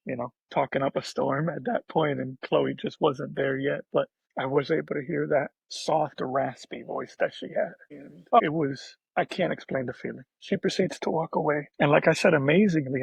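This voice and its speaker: A man, a podcast guest, telling an emotional personal story in a soft-spoken, halting way, often restarting his sentences. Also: a little high, vocal fry, husky, no echo, rough recording.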